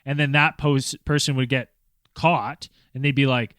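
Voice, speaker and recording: A man's voice: medium pitch, steady tone, moderate pace, fairly bright tone, no echo. Hesitant man reading from his notes. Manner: hesitant, reading facts from notes with many fillers. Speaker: podcast co-host. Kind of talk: casual chat.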